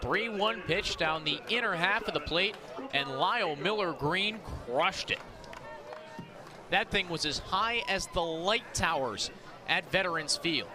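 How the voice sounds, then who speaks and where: Excitable man calling baseball play-by-play. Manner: rapid pitch calls, rising to shouts on big plays. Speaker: play-by-play announcer. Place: outdoor ballpark broadcast booth. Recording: outdoor ballpark crowd behind. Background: ballpark crowd.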